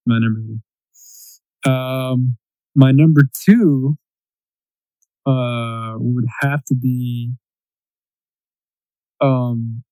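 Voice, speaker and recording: A man in casual chat, ranting in an animated, profane way and mimicking quotes in a raised voice. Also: medium pitch, drawn-out words, pauses often, no echo, low-quality recording.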